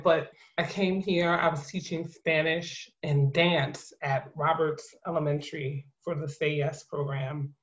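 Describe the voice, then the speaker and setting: A woman in her thirties from New Jersey, a guest in an interview, telling her story in a lively way with laughs and acted-out quotes. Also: sits low. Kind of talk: conversational interview. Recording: muffled lo-fi audio.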